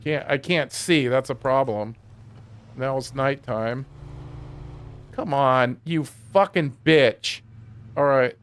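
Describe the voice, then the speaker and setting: A man's voice: medium pitch, steady tone, slow, pauses often, fairly bright tone, slight background noise. A man streaming a truck driving game, chatting casually and grumbling profanely to himself. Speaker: gaming streamer.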